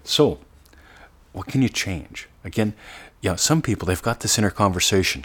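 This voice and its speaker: A man giving a motivational coaching talk, earnest, sometimes slowing to a soft, drawn-out demonstration voice. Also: fairly low pitch, expressive, slightly rough. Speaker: manifestation coach.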